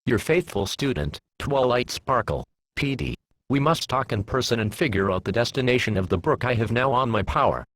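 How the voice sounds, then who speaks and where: A man voicing Twilight Sparkle, an earnest young female unicorn scholar, in a fan fiction reading, in a husky voice. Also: mid-range voice, a bit bright.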